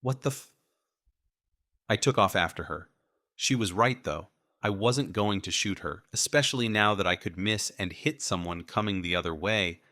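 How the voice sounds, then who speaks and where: A man narrating a first-person audiobook in a steady, wry manner. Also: deep voice, normal speed, dry recording, clean studio sound.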